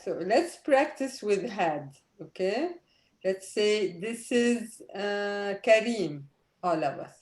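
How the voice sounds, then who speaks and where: A woman from the Arab world leads an online language class, patiently drilling vocabulary with her students. She talks slowly and calmly, repeating each word with care. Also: medium pitch. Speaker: Arabic teacher.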